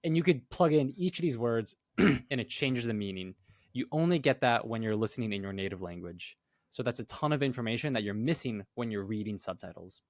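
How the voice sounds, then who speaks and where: A man's voice: mid-range voice, expressive, fairly quick, no echo, studio quality. A young man co-hosting a casual podcast, presenting survey results and teasing his friend. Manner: teasing, explains at length. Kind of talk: casual chat, explaining.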